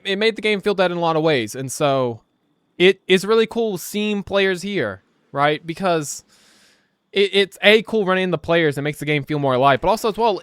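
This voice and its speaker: A man's voice: high voice, fairly bright tone, clean tone, no echo. A young man rambling through casual gameplay commentary, laughing often and tossing in slang and "right?" as he talks. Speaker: gaming YouTuber.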